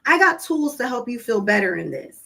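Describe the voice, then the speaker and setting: Woman, parenting vlogger, bright higher pitch, casual earnest storyteller who acts out dialogue. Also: very animated, normal speed, creaky, slightly rough, rough recording. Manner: conversational storytelling, acting out quoted dialogue; earnest, coaching tone with direct questions to listeners. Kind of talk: casual monologue to camera.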